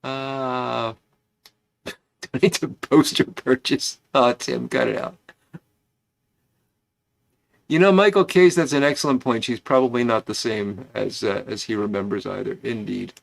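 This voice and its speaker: A man's voice: medium pitch, normal speed, creaky. A man hosting a casual pipe-smoking livestream, rambling and chatty as he greets viewers by name.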